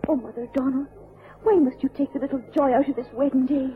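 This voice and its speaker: An actress playing a torn young Irish bride. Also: female voice, high-pitched, fairly even intonation, fast, natural voice. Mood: tearful. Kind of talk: old-time radio drama acting. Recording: tinny old radio recording with faint hiss.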